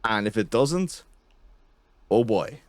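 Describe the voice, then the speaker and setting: A man with a lowish voice holds forth as a podcast host, heated and profane, building into rants as he talks. The sound is dry and close, with no room around it. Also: very animated, slow, no echo. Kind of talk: casual political chat.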